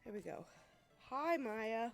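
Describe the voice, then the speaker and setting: A congested woman streamer talks in an unhurried drawl into her desk mic, greeting viewers one by one. Her nose is blocked from a sinus infection, and her chatter is loose and sprinkled with swearing. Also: fairly high pitch, animated, vocal fry, faint music behind. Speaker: game streamer. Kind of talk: casual stream chat.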